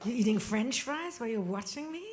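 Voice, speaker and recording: A woman's voice: on the high side, lively intonation, a little fast, background noise. A woman, a cabaret singer telling stories on a small club stage in a playful, theatrical way, teasing the audience into a stage microphone. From Germany. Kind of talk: onstage storytelling between songs.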